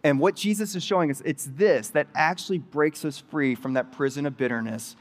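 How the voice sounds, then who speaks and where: A man giving a sermon as pastor, telling a story in a conversational, animated way with excited asides. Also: on the high side, brisk. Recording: reverberant hall.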